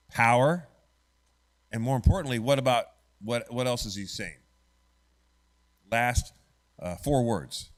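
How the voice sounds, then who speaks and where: In a church classroom, a medium-pitched man leads an adult Bible study in a conversational style. He often quizzes the class with "right?"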